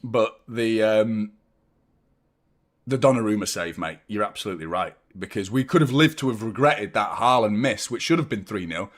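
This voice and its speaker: Excitable football fan. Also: male voice, on the low side, moderate pace. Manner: excitable, swearing, chanting along. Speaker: fan channel host. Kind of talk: live football watchalong commentary.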